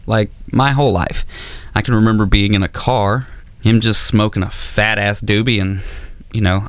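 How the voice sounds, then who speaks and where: A man doing a stand-up comedy set on stage, rambling and self-deprecating with dark humor. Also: on the low side, no echo.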